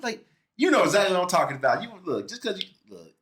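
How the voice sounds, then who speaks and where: A man hosting a casual podcast chat, talking in an animated way, often restarting and repeating his words. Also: extremely high pitch, rapid-fire. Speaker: podcast host.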